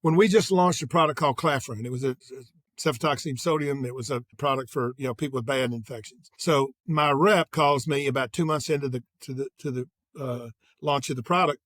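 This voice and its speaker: An older man in an interview, telling energetic anecdotes and acting out quoted dialogue. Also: mid-range voice, brisk, few pauses, no room sound. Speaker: guest, sales executive. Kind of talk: conversational interview storytelling.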